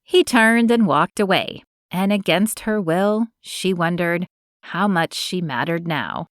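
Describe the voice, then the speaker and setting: A woman reading an audiobook as narrator, in an even, measured manner, close to the mic. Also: lowish voice. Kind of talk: scripted narration.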